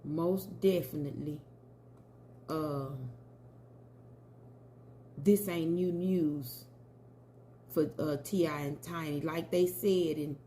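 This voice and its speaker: A woman's voice: low-pitched, fairly even intonation, slow pace, long pauses, dark tone, a little hiss or hum. A woman giving casual commentary and a tarot reading, chatty and talking straight to her viewers. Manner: chatty, addresses viewers as y'all. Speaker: tarot reader.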